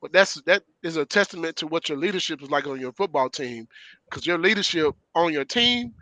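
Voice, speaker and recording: A middle-aged man tells stories in a bright, forceful voice. He talks with emphasis and conviction, and his voice sits on the higher side. The recording is close and dry. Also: animated, a little fast, dry recording, low-quality recording. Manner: storytelling, emphatic, laughs often. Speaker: former player and show regular. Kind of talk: casual sports talk.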